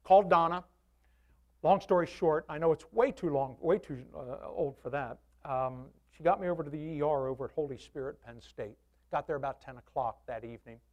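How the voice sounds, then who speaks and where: A man in his sixties, a pastor, telling a personal testimony to his congregation in an animated, candid way with self-deprecating humor. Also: on the high side, brisk, lo-fi sound.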